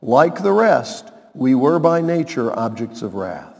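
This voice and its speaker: A man's voice: mid-range voice, sing-song, unhurried, vocal fry, big-room sound. A man preaching a radio sermon as pastor, emphatic and asking the listeners rhetorical questions.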